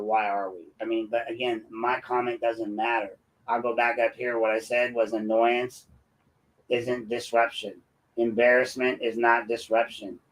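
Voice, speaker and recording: A man's voice: mid-range voice, low-quality recording. A man hosting political commentary, combative and sarcastic, talking straight at his critics. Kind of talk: opinionated commentary.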